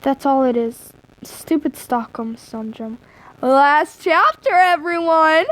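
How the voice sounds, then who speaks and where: A woman's voice: high-pitched, steady tone, slow pace, poor audio. A young woman casually reading a fan-fiction story aloud on a live stream, often breaking off to chat and joke. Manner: chatty, easily distracted, breaks off to joke.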